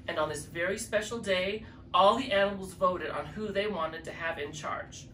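A woman reading a children's storybook aloud as a drag queen storyteller, with an expressive read-aloud manner. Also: normal speed, slight background noise. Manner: expressive, jumps high for character quotes. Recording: roomy echo from a distant mic.

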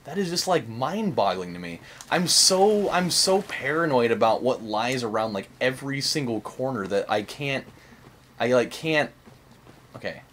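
A man's voice: medium pitch, big pitch swings, normal speed, fairly bright tone, slight background noise. A young man hosting a let's-play, rambling and joking in casual commentary, swearing and saying "like" a lot. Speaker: gaming channel host.

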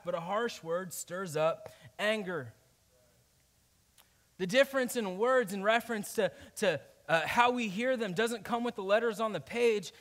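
A man preaching a conversational sermon, often checking in with "right?" and swinging between loud emphasis and quiet asides. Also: high-pitched. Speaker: pastor.

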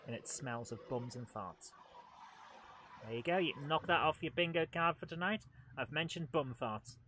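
A man with a slightly high, sharp-toned voice streams a video game live at a moderate pace, chatting casually and mocking himself for viewers. Game engine and vehicle noise run loudly underneath his let's-play commentary.

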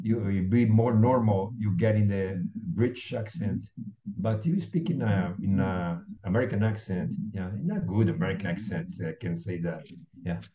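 Halting man with a dark, roomy voice. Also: low-pitched, muffled recording. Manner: halting, searching for words. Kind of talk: casual video-call interview.

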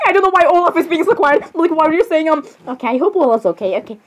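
A woman reacting in playful role-play chat, high-voiced and bouncing around in pitch. She giggles often, gets excitable, and keeps apologizing. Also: fast, few pauses, poor audio.

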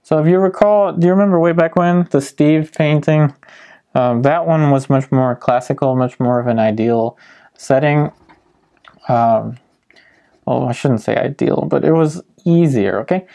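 Man, painting instructor, relaxed demo narration, soft fry in the voice. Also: fairly high pitch, unhurried. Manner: calm step-by-step explaining with frequent ums.

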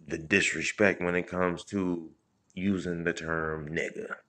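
A man with a very deep voice hosts a live stream and tells a rambling street story. He curses freely, restarts his sentences and breaks off to greet viewers by name. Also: steady tone, unhurried. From Indianapolis, Indiana. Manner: loose, profane street storytelling with many restarts and shout-outs. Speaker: comedian livestream host.

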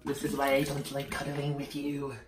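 A man's voice: mid-range voice, completely flat delivery, moderate pace, reverberant, recorded from a distance, over music, close to an everyday voice. A man voicing a grumpy, fed-up male house cat with a sulky, dismissive manner, in a home video.

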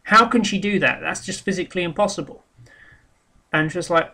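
A man's voice: high-pitched, a little fast, pushed and bright. A man speaking in a casual monologue, rambling and frank, with many ums and restarts. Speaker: vlogger.

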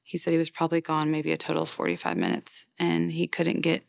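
Interviewed for a documentary, this woman in her forties, a grieving mother, speaks with a deep, very gravelly voice and a sing-song lilt. Her testimony comes out plain and halting, with many fillers and false starts, captured in a dry, close recording with no surrounding room.

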